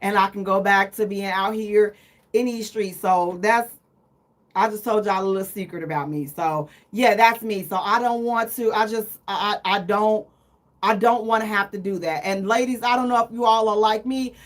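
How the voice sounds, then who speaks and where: A woman's voice: mid-range voice, steady tone, normal speed. A middle-aged woman hosting a live radio talk show, telling teasing, self-mocking stories in a casual chat.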